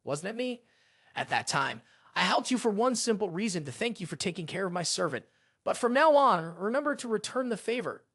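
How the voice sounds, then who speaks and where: Guy doing a proud sun god ranting away, high lively voice, dry sound. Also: a little fast, dry recording, heavily acted. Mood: angry. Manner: indignant, ranting.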